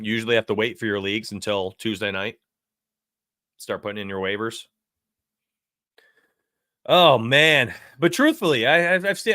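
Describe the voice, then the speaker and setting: A brash man hosting a sports betting livestream, with a bright, forceful voice. He rambles and reads chat aloud in a dry, close-miked sound with no room echo. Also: medium pitch. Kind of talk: casual livestream talk.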